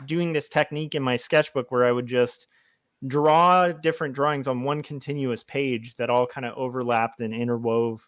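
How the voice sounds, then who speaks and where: A man's voice: medium pitch, steady tone, moderate pace, dry recording. A middle-aged man with a mid-range voice speaks in casual podcast chat. He is reflective and offers advice in a thoughtful way. The sound is dry and close to the mic. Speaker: podcast co-host, t-shirt designer.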